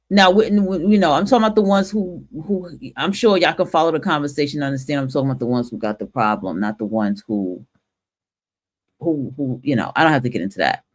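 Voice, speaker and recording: Blunt, profane woman ranting. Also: low voice. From northern United States. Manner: blunt, profane and emphatic, with frequent restarts. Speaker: host of a talk stream. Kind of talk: opinion monologue.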